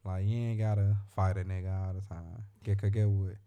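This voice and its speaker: A man's voice: low voice, level tone, fairly quick, warm tone, dull audio. A young man in casual chat as a podcast host, rambling and slangy, telling stories and repeating himself.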